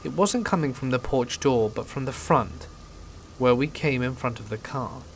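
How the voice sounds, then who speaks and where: A man calmly reading a horror story in scripted narration. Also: mid-range voice, moderate pace. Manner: calm, steady storytelling. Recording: faint rain noise behind voice. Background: rain and thunder ambience.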